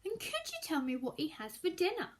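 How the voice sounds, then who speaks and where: A woman's voice: very high voice, wildly swooping pitch, a little fast, heavily acted. A woman doing a curious young elephant calf. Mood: eager. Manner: eager, polite questioning.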